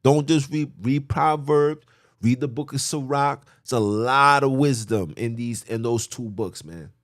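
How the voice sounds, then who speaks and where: A man preaching from scripture on his podcast. His tone is blunt, emphatic and informal, and he often repeats himself for effect. His pitch sits in a middle range, and the sound is dry with no room echo. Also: measured pace. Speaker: podcast host teaching scripture. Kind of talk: preaching, reading and explaining scripture.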